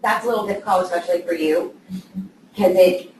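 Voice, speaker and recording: A brisk woman with a lowish, slightly mellow voice leads a relaxed training session for real estate assistants. She keeps asking "okay?" to check in, recorded from a distance in an echoing room with faint noise.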